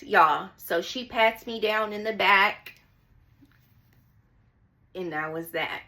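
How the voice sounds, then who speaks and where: Speaking at a measured pace, a young woman vlogger shares a personal story, her mid-range voice pushed and bright. Chatty and dramatic, she calls her viewers y'all and tends to repeat phrases.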